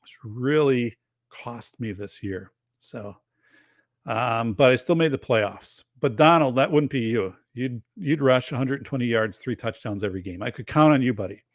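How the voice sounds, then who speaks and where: Male livestream host, mid-pitched, loose rambling chat, very dry close sound. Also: normal speed, dry recording. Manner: rambling, chatty, reads chat aloud. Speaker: show host.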